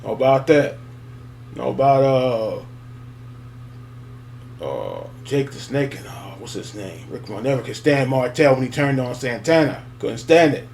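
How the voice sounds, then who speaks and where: A man talking in a loose, rambling way, full of fillers and little laughs. His voice sits at an ordinary middle pitch. A faint hum runs under the recording. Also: sing-song, measured pace, gravelly, a little mellow. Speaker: wrestling fan vlogger. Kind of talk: casual nostalgic monologue.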